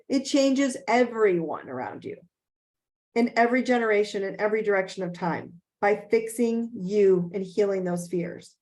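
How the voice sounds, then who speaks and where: Woman life coach, fairly high voice, emphatic, video call. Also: darkish tone. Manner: emphatic, repeats key phrases, frequent "okay?" check-ins. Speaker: life coach hosting a group session. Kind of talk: motivational talk and Q&A.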